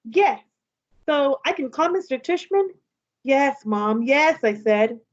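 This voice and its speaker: A woman's voice: high voice, takes it slowly, lo-fi sound. Woman teacher reading a novel aloud. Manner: lively, voices the characters' dialogue.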